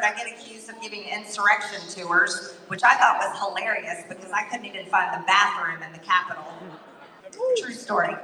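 A woman's voice: medium pitch, pushed and bright. Sarcastic woman in a far-off echoey hall. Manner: sarcastic, joking. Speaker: politician. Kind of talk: speech clip played on air.

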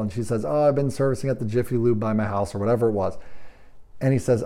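A man's voice: mid-range voice, rapid-fire, dark tone. A man coaching automotive service managers, talking emphatically with rhetorical questions and acting out bits of dialogue. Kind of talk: training talk to shop managers.

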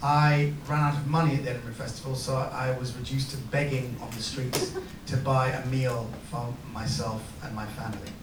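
A man appearing as a guest comedian, trading banter and telling stories in a wry, deadpan way. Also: medium pitch, a little fast. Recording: echoey venue, distant mic, background noise.

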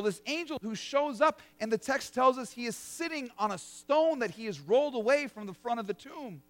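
A man's voice: very high-pitched, fairly bright tone. A man preaching a sermon as pastor, telling it in a vivid, conversational storytelling way.

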